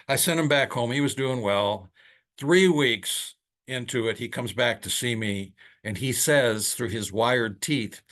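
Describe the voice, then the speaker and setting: An older man tells a story from his surgical practice in a relaxed monologue. He acts out the voices in it, his pitch climbing high as the story builds. He talks like a host speaking straight to his listeners. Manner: animated storyteller who acts out quotes with rising pitch. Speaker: oral surgeon and podcast host.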